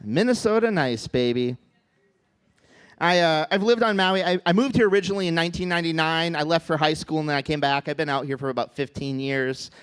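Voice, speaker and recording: A high-pitched man in his thirties from the Midwest works through a stand-up set. He talks in a flat, deadpan way, stalling and restarting his sentences. He is heard through a stage mic in a comedy club. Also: a little fast, clear, resonant tone. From Midwest United States. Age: 30s.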